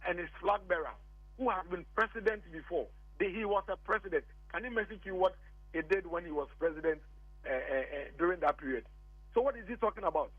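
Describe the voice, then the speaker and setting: A man's voice: high voice, slightly rough, no echo. A Ghanaian man arguing politics as a radio guest, insistent and repetitive, switching between English and Twi. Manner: insistent, repeats points, mixes English and Twi. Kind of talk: heated political argument on a phone-in. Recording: tinny phone line, dry.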